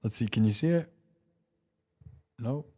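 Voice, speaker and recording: Unhurried and husky, with a medium-pitched, darkish tone, a young live streamer and improv musician grieves on air. He talks casually and emotionally, rambling and repeating phrases, often saying "dude" and "bro."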